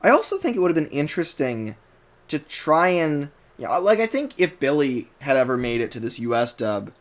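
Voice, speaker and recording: A YouTuber with a General American accent reviews a cartoon dub in a fairly high, sing-song, brisk voice. His commentary is casual and rambling, full of fillers and restarts.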